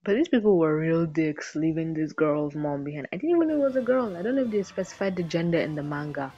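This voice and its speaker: A woman giving a casual anime episode review in an animated, rambling way, swearing freely. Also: sits low, quick pace, slightly rough. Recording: dull lo-fi recording with faint background music.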